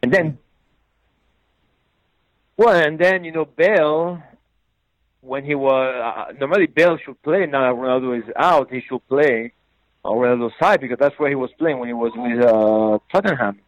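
A man's voice: medium pitch, moderate pace, pauses often, no echo, rough recording. A man chatting casually about football, hesitant, with many fillers and restarts. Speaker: football pundit. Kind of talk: casual sports chat.

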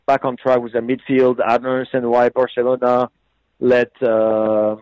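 A man's voice: medium pitch, flat delivery, moderate pace, a little mellow, no echo, muffled recording. A man chatting casually about football, hesitant, with many fillers and restarts. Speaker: football pundit. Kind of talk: casual sports chat.

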